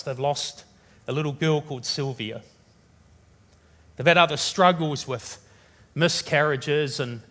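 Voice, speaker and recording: A high-pitched male pastor from New Zealand delivers a sermon in an earnest, searching tone. He grows dramatic and rises sharply in pitch and volume when he voices the desperate questions of the scripture's writer. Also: a bit bright.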